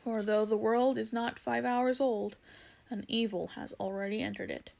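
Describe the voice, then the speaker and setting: Lady reading as a big gentle lion king, hushed and solemn, storybook style. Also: a little high, steady tone, moderate pace, gravelly. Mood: grave. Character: great male lion, kingly, gentle.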